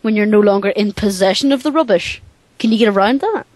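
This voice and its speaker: A woman's voice: mid-range voice, quick pace, darkish tone, no room sound, low-quality recording. A woman co-hosting a comedy chat show, dry and questioning. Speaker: co-host.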